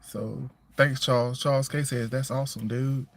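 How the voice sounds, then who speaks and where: There's a little hiss or hum as a single father chats casually on a livestream, his mid-range voice creaky and his tone steady at a moderate pace. Firm and plainspoken about the household rules, he repeats himself and keeps checking in with "you know what I'm saying".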